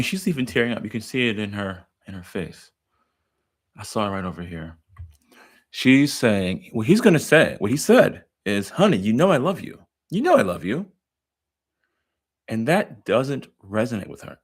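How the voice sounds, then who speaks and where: A man's voice: fairly low pitch, husky. A man, a therapist, giving emphatic commentary on a therapy film clip. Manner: emphatic, explanatory. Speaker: therapist and educator.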